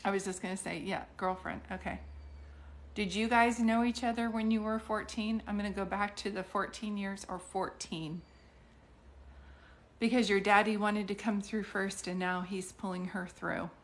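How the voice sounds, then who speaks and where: A woman's voice: mid-range voice, fairly even intonation, moderate pace. Chatty woman medium, rambling restarts. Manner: chatty, rambling, many restarts and fillers, hums song snippets. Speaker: psychic medium doing live readings. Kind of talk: casual live-stream reading.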